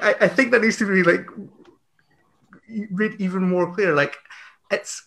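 A man speaking on an online panel, excitable and halting, full of fillers and restarts. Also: high voice, gravelly.

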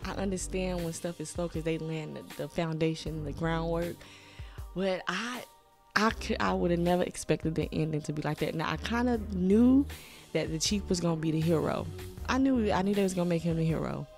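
A young woman, a movie reaction host who chats excitedly and keeps calling her viewers y'all. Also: lowish voice, a little fast, soft background music. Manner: exclamatory, addresses viewers as y'all. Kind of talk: excited casual reaction chat. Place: home room.

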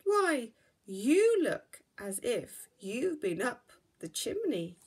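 A woman's voice: a little high, big pitch swings, takes it slowly, husky, heavily acted. A woman voicing a middle-aged mother bear in a children's story who fondly scolds and exclaims. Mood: fussing.

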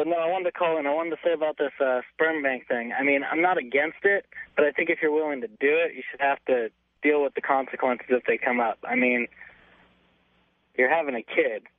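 A man's voice: medium pitch, moderate pace, no echo. A man calling a radio show, speaking in a plainspoken, matter-of-fact way. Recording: tinny phone line.

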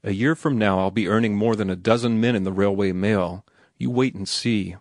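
A man playing a headstrong young writer in an audiobook, speaking in a low voice with blunt insistence. The sound is close and dry, with no echo behind it. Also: steady tone, normal speed, a little mellow, close to an everyday voice. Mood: confident. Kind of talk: audiobook character reading.

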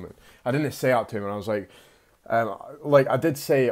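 A man's voice: on the low side, fast talker, darkish tone. A young man casually telling a personal story, rambling and laid-back, with plenty of slang and swearing.

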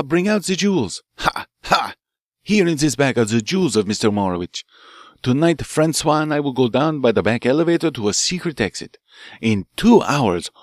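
A man reading an audiobook, voicing an excitable, vengeful French professor with a French accent who shouts menacingly. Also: medium pitch, dry recording, studio quality, pitched above the performer's own voice, natural voice.

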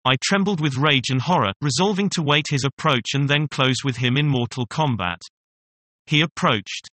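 This is scripted first-person narration from a classic novel, delivered by a man working as an audiobook narrator. He speaks in a mid-range voice with a steady, measured storytelling style, and there's no echo.

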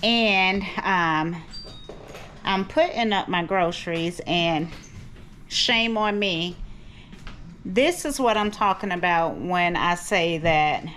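A woman's voice: on the low side, animated, takes it slowly, a bit bright, a little hiss or hum. A middle-aged woman vlogging in her kitchen at home, rambling and chatty, calling her viewers cousins. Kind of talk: casual chat to camera.

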